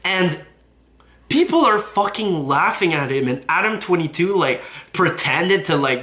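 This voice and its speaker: A man's voice: high-pitched, sing-song, measured pace, pushed and bright. A man recapping online drama on his YouTube channel, profane and indignant as he talks. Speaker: YouTube commentator.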